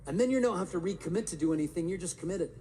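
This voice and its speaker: A man giving an energetic live talk to an audience in a large hall, firing rhetorical questions at the crowd. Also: high voice, rapid-fire. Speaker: motivational speaker. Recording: reverberant live hall, faint room noise.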